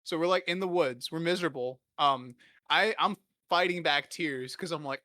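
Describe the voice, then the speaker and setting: A man's voice: a little high, moderate pace, pushed and bright, no room sound, clean studio sound. A man in his twenties hosting a podcast, telling rambling, profane, self-deprecating stories in a casual comedic way. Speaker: podcast host.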